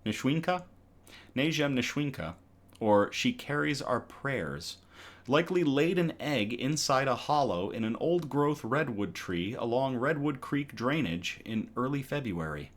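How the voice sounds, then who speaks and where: A man's voice: mid-range voice, animated, measured pace. A man hosting a casual online news show, reading articles aloud in a conversational way with frequent ums and self-corrections.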